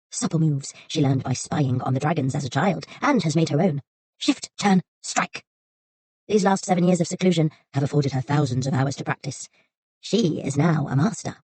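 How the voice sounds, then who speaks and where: Woman reading an audiobook, low dark voice, kinda husky, soft and unhurried. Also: no echo. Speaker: audiobook narrator. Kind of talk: audiobook narration.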